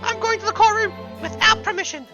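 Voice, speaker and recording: A woman's voice: extremely high pitch, a little fast, voice pushed up. A woman voicing a squealing, gushing young woman. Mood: excited. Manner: breathless, squealing praise. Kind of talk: reading game dialogue aloud. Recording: dull lo-fi stream, loud game music.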